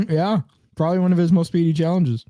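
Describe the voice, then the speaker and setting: A man's voice: a little high, fairly even intonation, brisk, dark tone, no room sound. A young man co-hosting a podcast in casual chat, rambling with fillers and laughing often. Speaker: podcast co-host.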